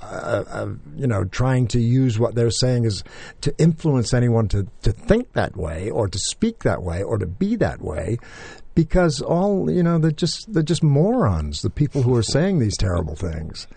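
A man's voice: medium pitch, very animated, unhurried, vocal fry, dark tone, slightly rough, no room sound. An older man, an actor, telling stories in a casual interview, rambling with many restarts and fillers. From England. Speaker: actor guest.

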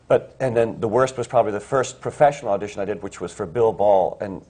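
A man's voice: lowish voice, fast talker, dark tone. Rambling male stage actor. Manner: rambling, full of restarts and fillers. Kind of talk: casual anecdote telling.

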